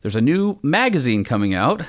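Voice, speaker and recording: A man co-hosting a casual podcast, upbeat and chatty. He rambles a little and fills pauses with plenty of "uh"s, in a mid-range voice. He's recorded on a podcast mic in a conference room. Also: medium pitch, very animated. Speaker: podcast co-host.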